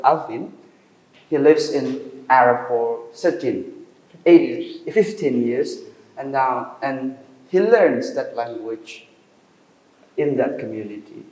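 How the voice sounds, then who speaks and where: A man giving a university lecture in English, questioning the class with pauses and fillers. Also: medium pitch, a little mellow. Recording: roomy classroom echo.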